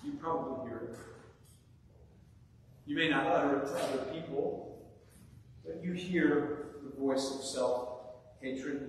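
A male pastor preaches slowly and deliberately, leaning on rhetorical questions and pauses. His voice sits a little high for a man. It comes from far off the mic in a large church with long reverb and a faint hum. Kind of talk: sermon. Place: church sanctuary. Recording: echoey hall from far off.

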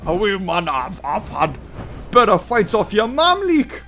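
A man's voice: sits high, very animated, measured pace, fairly bright tone, slight background noise, exaggerated voice. A man voicing a drunken, boastful brawler who slurs taunting threats.

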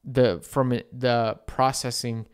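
A man's voice: mid-range voice, slow, clean tone. A man co-hosting a podcast, chatting casually with lots of fillers and easy laughs. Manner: relaxed, laughing, filler-heavy. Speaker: podcast co-host.

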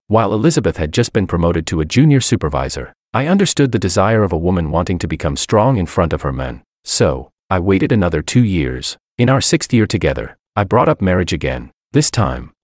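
Deep, lively male story narrator. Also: fairly quick, hardly any pauses, dry recording, clean studio sound. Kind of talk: first-person scripted story narration.

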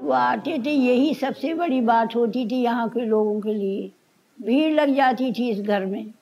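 A woman reminiscing briskly, often quoting what others said. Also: a little high, dark tone. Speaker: interviewee. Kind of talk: reminiscing storytelling. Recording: dull lo-fi recording.

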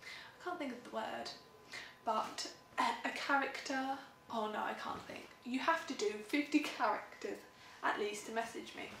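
A woman's voice: on the high side, moderate pace, gravelly, a bit bright. A young British woman talking casually to camera, blunt, sweary and sarcastic. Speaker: vlogger. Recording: echoey room, mic at a distance, faint hum.

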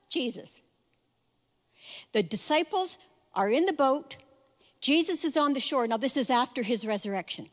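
A woman preaches as a guest speaker, chatty and animated, slipping in personal asides. Her voice sits a bit high, and a long reverb trails each phrase as in a church sanctuary. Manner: lively, conversational storytelling with asides. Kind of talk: sermon.

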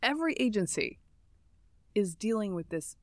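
A woman's voice: mid-range voice, sing-song, normal speed, no echo, clean studio sound. An American woman co-hosting a podcast, chatting wryly and sarcastically about the news with many fillers. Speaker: podcast co-host. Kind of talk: casual news chat.

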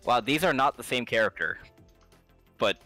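A man's voice: mid-range voice, expressive, moderate pace, bright, forceful tone, soft background music. A man co-hosting a game stream, laughing and bantering casually. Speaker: stream co-host. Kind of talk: casual gaming chat.

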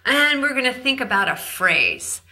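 Bright-voiced woman vocal coach. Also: high-pitched, sing-song, normal speed, gravelly. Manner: demonstrates growls and caws, cheerful praise. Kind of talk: scripted vocal lesson.

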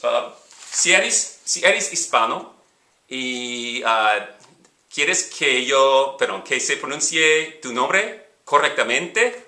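A man's voice: medium pitch, sharp tone, echoey room. A man teaching a lesson, patiently sounding words out and repeating examples. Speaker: high school teacher. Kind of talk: instructional explanation.

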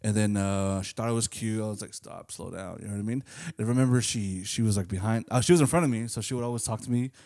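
A man's voice: on the low side, quick pace, warm tone. A young adult man co-hosting a podcast, rambling through crude memories in loose, casual talk with swearing. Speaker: podcast co-host. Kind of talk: casual comedic storytelling.

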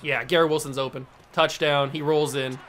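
Playing a football video game, a gaming YouTuber commentates live in a voice on the high side, keeping a moderate pace. He frequently berates himself for his errors, first exasperated, then animated.

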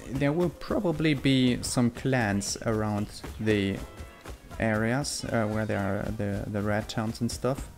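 A man's voice: fairly low pitch, slow pace, faint music behind. Chatty young-sounding man narrating gameplay. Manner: excitable, swears a lot when fighting; calm, chatty explaining. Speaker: gameplay commentator. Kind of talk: casual gameplay commentary. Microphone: desk mic close up.

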